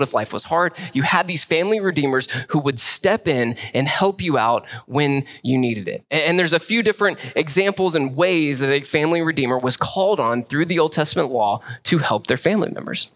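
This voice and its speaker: Man, young pastor, sermon, casual conversational delivery, slightly high voice. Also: lively intonation, brisk, hardly any pauses, a bit bright.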